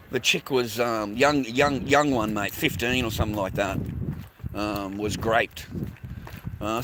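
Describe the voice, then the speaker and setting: A man's voice: medium pitch, background noise. An Australian man streaming a casual, rambling walk-and-talk outdoors on a street near the beach, swearing constantly and ending lines with mate and bro.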